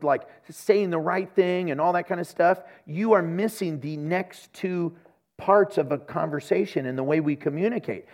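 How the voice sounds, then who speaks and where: A man preaching a sermon as pastor, speaking passionately and acting out the voices of the people he quotes. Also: a little high. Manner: animated, jumps between soft asides and loud bursts.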